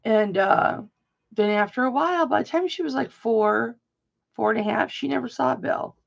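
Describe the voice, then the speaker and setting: A woman's voice: on the high side, normal speed, gravelly. An older woman telling a rambling personal story in a chatty, casual way, full of asides, on dull lo-fi audio. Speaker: live auction host.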